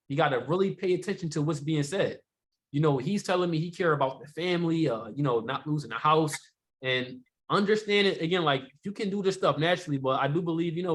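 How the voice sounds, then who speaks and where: Higher-voiced man coaching casually. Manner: conversational, rhetorical questions, many "you know" fillers. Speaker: sales trainer. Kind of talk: casual sales training talk.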